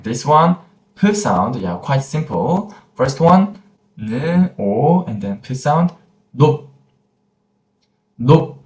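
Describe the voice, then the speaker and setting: Slow, patient man teaching pronunciation. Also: gravelly. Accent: Korean. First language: Korean. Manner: gentle, repeats each sound slowly, lively pitch. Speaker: Korean language teacher. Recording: roomy echoey room.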